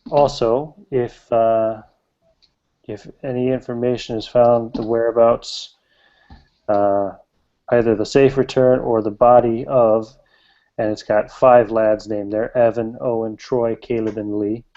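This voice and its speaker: Guy running a western tabletop game, mellow and soft toned, kinda muffled audio. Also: medium pitch, level tone. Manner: halting, many fillers. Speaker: game master. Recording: slightly muffled lo-fi recording.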